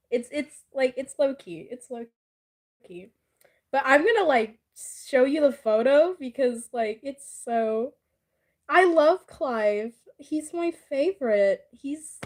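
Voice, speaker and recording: A high-pitched woman chatting casually, drawn out and unhurried in her delivery. She giggles often and teases her friend, swearing freely. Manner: giggly, teasing, laughs often. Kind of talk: casual chat.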